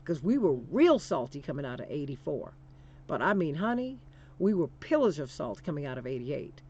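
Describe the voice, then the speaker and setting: A woman's voice: sits low, big pitch swings, normal speed, a little mellow, lo-fi sound, a little hiss or hum. A woman hosting a political talk show, speaking with emphatic, preacher-like repetition and calling listeners "honey". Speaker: radio talk show host.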